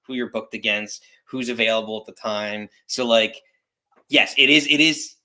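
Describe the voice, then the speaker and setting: A man's voice: fairly low pitch, moderate pace, bright, forceful tone. A man co-hosting a casual wrestling podcast, giving opinions in a rambling way with many restarts. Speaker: podcast co-host.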